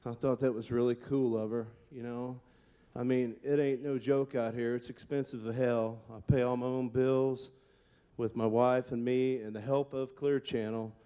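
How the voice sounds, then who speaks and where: A man's voice: mid-range voice, little pitch movement, moderate pace, mellow, smooth. A middle-aged man, a monster truck driver, telling candid, heartfelt stories in an award acceptance speech.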